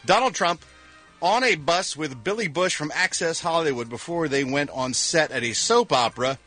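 Sarcastic radio showbiz reporter, lively pitch. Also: male voice, normal speed, faint music behind. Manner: sarcastic, wry, swings between punchy and mumbled asides. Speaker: entertainment news reporter on a radio show. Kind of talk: showbiz news segment on radio.

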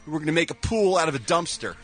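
A man's voice: on the high side, expressive, very fast, a bit bright, faint music behind. Playful Philadelphia-accented radio man. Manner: playful, exaggerated, boastful. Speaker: radio co-host. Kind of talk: morning radio banter.

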